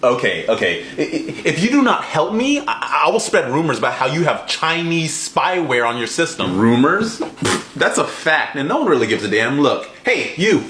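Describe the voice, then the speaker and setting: A man's voice: a little high, sing-song, moderate pace, fairly bright tone, roomy sound, slight background noise. A man acting out a comedy sketch, switching between a pleading character and a smug, taunting one.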